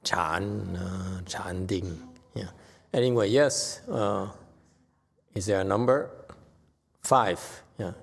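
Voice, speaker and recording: A male Buddhist teacher giving an animated, emphatic dharma lecture. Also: sits low, slow pace, creaky, long pauses. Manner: animated, emphatic, voices dramatic quotes. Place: temple lecture hall. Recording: long hall reverb.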